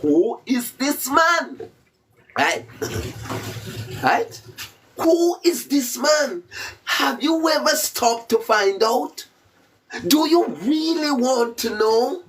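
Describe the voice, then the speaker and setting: A man's voice: very high voice, animated, extremely slow, long pauses, far from the mic, a crowd in the background. A Jamaican man giving a rambling, preachy monologue full of rhetorical questions and mocking laughter. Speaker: self-styled spiritual commentator.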